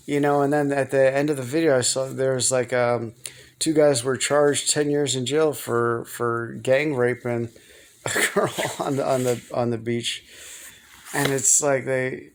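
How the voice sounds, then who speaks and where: A man's voice: medium pitch, a little hiss or hum. A man talking casually to camera in a personal vlog, rambling and hesitant, often repeating words. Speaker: vlogger.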